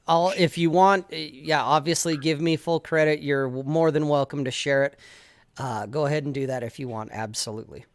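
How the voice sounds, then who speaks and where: A man's voice: a little high, brisk, no echo. A man, the guest writer on a podcast, talking casually in a profane, emphatic, ranting way. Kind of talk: casual chat.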